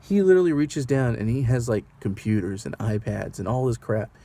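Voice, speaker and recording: Male rideshare driver, vlog storyteller, mellow, rambly and nervous, rhetorical questions to camera. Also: medium pitch, a little fast, gravelly. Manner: rambling, anxious, asks the viewer rhetorical questions.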